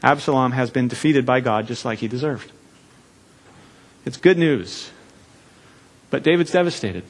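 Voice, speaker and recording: A man preaching a sermon in a church, earnest and measured, with deliberate pauses. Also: medium pitch. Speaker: pastor.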